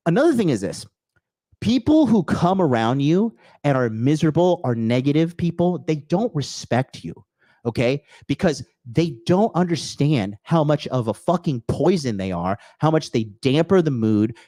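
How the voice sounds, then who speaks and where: A man hosting a podcast, giving a blunt, crude, animated motivational rant full of swearing and acted-out quotes. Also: a little high, moderate pace, no room sound. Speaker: podcast host. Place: apartment or home in Tokyo.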